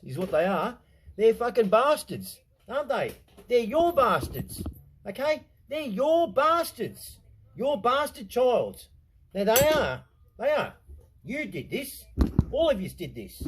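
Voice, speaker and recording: A man's voice: high voice, a little mellow, slight background noise, rough recording. A middle-aged Australian man ranting into the camera, blunt and sarcastic, swearing a lot. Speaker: vlogger.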